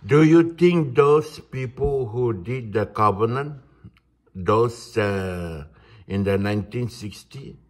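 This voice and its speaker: A man, ranting in a halting, indignant monologue. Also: medium pitch. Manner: indignant, halting, restarts words. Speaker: vlogger.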